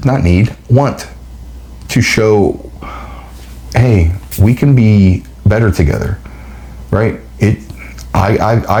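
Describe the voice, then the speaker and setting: A man hosting his own podcast, speaking in an emotional, heartfelt motivational monologue, halting and restarting as he nears tears. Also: lowish voice, warm tone. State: near tears. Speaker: podcast host.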